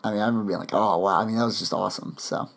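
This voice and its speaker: A podcast host chats casually and rambles, full of fillers and restarts. His voice sits on the low side, rapid-fire and creaky with a fairly bright tone.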